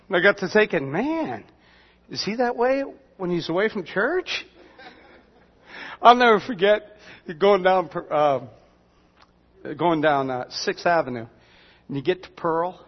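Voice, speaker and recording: A pastor with a high, very animated voice preaches unhurriedly, pausing often as he tells everyday stories in a folksy, conversational sermon with asides to the congregation. The sound is dull and lo-fi, with long hall reverb.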